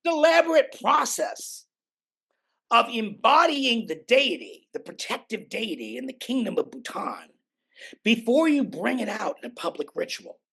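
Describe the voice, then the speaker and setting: An older man, a podcast guest, telling stories in an animated, emphatic way and swearing freely. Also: high voice, moderate pace, gravelly, breathy edge. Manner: emphatic, swears freely, acts out quoted voices. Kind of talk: animated conversational storytelling.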